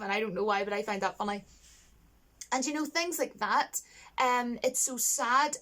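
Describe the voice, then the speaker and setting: A woman with a fairly high voice talks casually to camera in a vlog. She gushes and laughs as she goes, with an animated, chatty delivery, and slips into a higher voice when she mimics lines. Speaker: vlogger reviewing a film.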